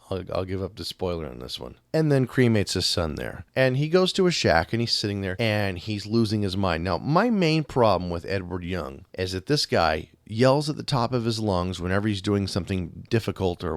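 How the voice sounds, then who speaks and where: A man reviewing a film on his podcast in a casual, animated way, acting out scenes and swearing freely. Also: sits low, dry recording.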